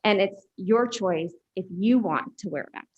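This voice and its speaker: A woman's voice: medium pitch, normal speed, a little mellow. A woman in her thirties from Illinois, a mother making a firm, matter-of-fact public comment. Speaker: parent speaking at public comment. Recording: dull lo-fi meeting audio.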